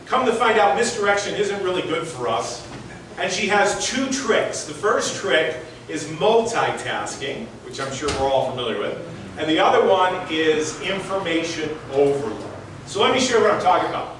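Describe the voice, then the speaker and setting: A man in his sixties tells stories to a hall audience, conversational and direct, with a fairly high voice for a man. The sound echoes heavily around a large room and is picked up from far off the mic, with faint background noise. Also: very animated, normal speed, a bit bright. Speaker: motivational speaker. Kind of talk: storytelling talk on stage.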